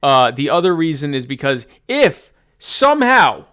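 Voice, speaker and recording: A man's voice: a little high, very animated, a little slow, sharp tone, clean tone. A man co-hosting a podcast, chatting about politics animatedly, joking, with stammering restarts. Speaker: podcast co-host. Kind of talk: casual political chat.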